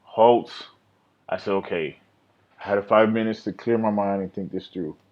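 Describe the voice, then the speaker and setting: A man with a very low, deep voice talks through his trades in a loose, rambling way, often scolding himself and swearing. The sound is dull and lo-fi, like a computer mic on a screen recording. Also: fairly even intonation, moderate pace.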